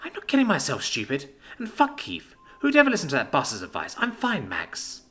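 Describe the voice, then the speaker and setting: A man voicing a guarded, defiant young woman in a narrated story, pleading at times and sharp and scornful at others. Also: a little high, huge pitch swings, fairly quick, voice pushed up.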